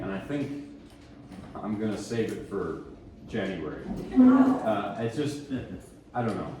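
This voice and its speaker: A man introducing pieces at a piano recital, relaxed and rambling, with self-deprecating asides. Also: medium pitch, background noise. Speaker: pianist giving a lecture recital. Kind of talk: casual spoken introductions between pieces. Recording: echoey room, mic at a distance.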